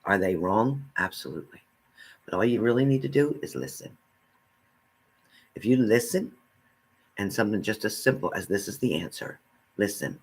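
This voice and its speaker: A man's voice: lowish voice, animated, moderate pace, pauses often, husky. A man giving a spiritual reading, speaking earnestly and straight to the listener, repeating his phrases. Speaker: spiritual reader.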